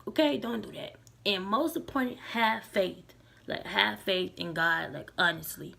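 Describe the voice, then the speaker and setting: A woman's voice: mid-range voice, measured pace, vocal fry, pushed and bright. A young woman talking casually to her camera, loose and candid, with many likes and restarts. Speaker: vlogger.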